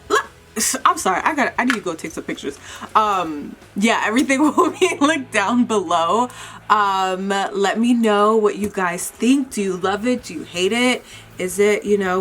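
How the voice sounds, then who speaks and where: A young woman chatting casually in a beauty vlog, cursing freely and mocking herself. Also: medium pitch. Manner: swearing, chatty and self-mocking. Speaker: beauty vlogger.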